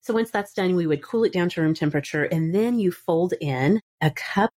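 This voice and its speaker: A woman's voice: fairly low pitch, brisk, darkish tone. A woman in her thirties hosting a podcast, chatting casually and laughing often. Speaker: podcast host. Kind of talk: casual chat.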